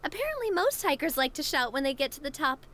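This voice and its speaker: A woman voices a cheerful, sociable young video game character in a high, sing-song, slightly bright voice at a quick pace. Friendly and bubbly, the character calls others "partner."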